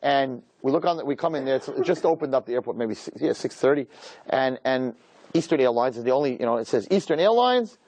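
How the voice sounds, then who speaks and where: A man, a rabbi, telling a personal story in a lively way and acting out the dialogue. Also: dry recording. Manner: animated, acts out dialogue with quick pitch swings. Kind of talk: storytelling talk.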